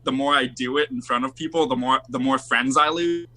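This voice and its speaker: A man's voice: mid-range voice, a little fast, very noisy. A man in his twenties, a musician guest on a podcast, telling rambling stories in casual chat and leaning on filler words. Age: 20s.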